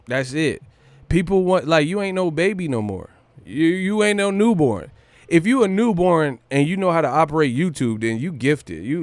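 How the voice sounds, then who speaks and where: A brash man rants on his boxing livestream, cursing freely and hyping himself up at a middling pitch. The sound is dry and close, with no room around it. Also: smooth, dry recording. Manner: brash, profane, boastful, hype; breaks into brief celebrity impressions and laughs. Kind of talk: casual livestream rant.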